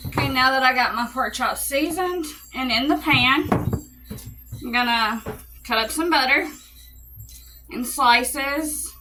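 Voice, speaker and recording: A woman's voice: high-pitched, takes it slowly, long pauses, pushed and bright, a little hiss or hum, poor audio. A woman with an Alabama accent, chatting casually through a cook-along in her home kitchen and explaining each step to her viewers. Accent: Southern US, Alabama. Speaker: home cooking vlogger.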